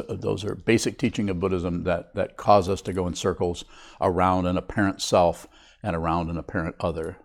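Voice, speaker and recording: Low-voiced older man giving a dharma talk. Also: a little mellow. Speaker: Buddhist teacher. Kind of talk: dharma talk to a meditation group.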